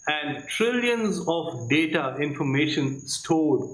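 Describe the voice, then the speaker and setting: A man's voice: a little high, big pitch swings, takes it slowly, reverberant, rough recording. A man giving Catholic opinion commentary, emphatic, asking rhetorical questions and calling the listener "my friend". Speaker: Catholic commentator reviewing a debate.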